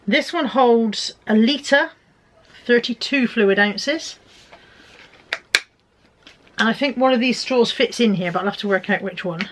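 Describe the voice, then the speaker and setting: This vlogger, a middle-aged woman, speaks at a normal speed in a slightly high, slightly bright voice. Chatty and poking fun at herself, she fiddles with parcels as she unboxes them.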